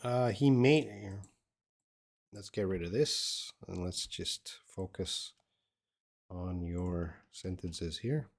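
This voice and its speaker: A man's voice: low voice, slow pace. A middle-aged man teaching English on a live stream, answering viewers' questions and thinking aloud with hesitant restarts. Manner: encouraging.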